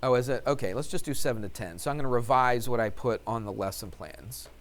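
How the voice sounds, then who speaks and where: Math teacher quizzing an empty room. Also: male voice, mid-range voice, fast, slight background noise. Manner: asks questions and answers them himself; talks while writing out steps. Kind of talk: classroom lecture.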